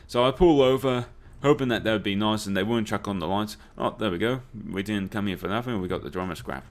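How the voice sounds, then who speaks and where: A young Australian man, a gaming YouTuber, tells rambling anecdotes laced with swearing while playing a video game in a casual let's-play style. His voice is lowish and he talks fast.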